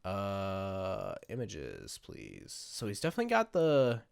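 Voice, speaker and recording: Rambling man with a lively, swooping voice. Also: deep voice, slow, vocal fry, clean tone, no echo, studio quality. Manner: rambling, chatty, self-mocking. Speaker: gaming video creator. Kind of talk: casual gameplay commentary.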